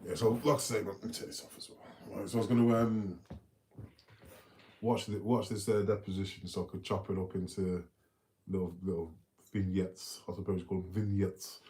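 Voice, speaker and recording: A man's voice: low-pitched, flat delivery, normal speed, warm tone, a little hiss or hum. A man hosting a casual livestream, chatting with viewers, slangy and full of swearing. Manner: slangy, swearing, addresses chat. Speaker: livestream host. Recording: music in the background. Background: music playing.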